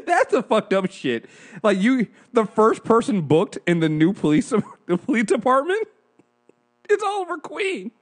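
A man chats loosely on a review podcast, tossing in slang and breaking into laughter. His voice sits a bit high and swings widely in pitch. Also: unhurried. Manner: animated, slangy, laughs often. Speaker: podcast co-host. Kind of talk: casual review chat.

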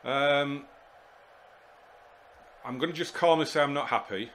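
A man commentating live on his football management game, exasperated and muttering to himself, with sudden shouts when goals go in. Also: fairly high pitch, measured pace, slight background noise. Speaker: gaming YouTuber.

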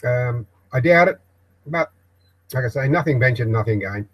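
An older Australian man hosting a live broadcast from his shed office, rambling in a halting way with many ums and restarts. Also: mid-range voice, animated, rough recording. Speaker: live stream host.

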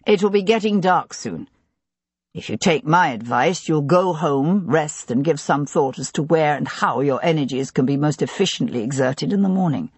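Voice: medium pitch, lively intonation, a little mellow, slightly rough, no room sound. A commanding former officer. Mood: firm. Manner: firm, measured, questioning. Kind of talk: audiobook character reading.

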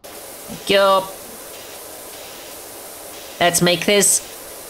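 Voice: medium pitch, lively intonation, a little slow, background noise. A gamer giving playful let's-play commentary, goofy, talking to themself and humming silly tunes. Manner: goofy, talks to self, hums silly tunes.

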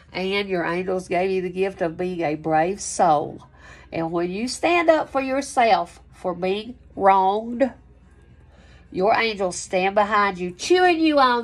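A woman giving a casual, loose spoken tarot reading, chatty, breaking into whoops and laughs. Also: mid-range voice. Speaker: tarot reader.

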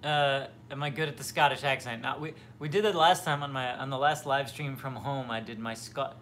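With a mid-range, fairly bright voice, a young man talks fairly quickly and hardly pauses as he hosts a casual livestream, reading viewer comments from his home kitchen near the fridge. He rambles, using many fillers and restarts, and there's a slight hiss or hum.

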